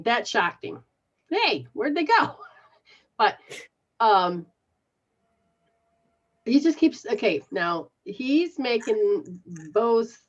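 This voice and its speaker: Slow-talking lady doing a psychic reading on a call-in show, lowish voice, kinda muffled lo-fi sound. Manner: slow, halting, laughs often. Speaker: psychic reader, show host. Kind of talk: live call-in spiritual reading.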